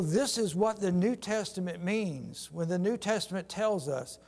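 Male preacher, high-pitched storytelling sermon, long hall reverb. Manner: storytelling retelling of scripture, shifting pace for emphasis.

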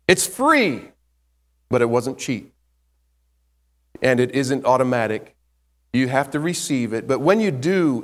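A man preaching a sermon, building emphasis with rising pitch and volume and repeating words to drive points home. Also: animated, unhurried, long pauses. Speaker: pastor. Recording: long hall reverb.

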